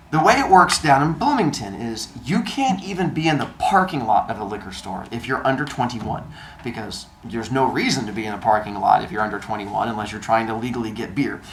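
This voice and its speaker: A man telling a comedic personal story, animated and acting out the dialogue. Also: mid-range voice, a little hiss or hum. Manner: animated, acts out dialogue with quick voice changes.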